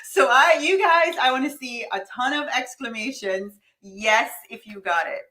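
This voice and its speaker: High-energy woman coaching a live audience. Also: lively intonation, moderate pace, bright, forceful tone. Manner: addresses viewers directly and reads their comments aloud. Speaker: money mindset coach hosting a live challenge. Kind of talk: live-streamed motivational coaching talk.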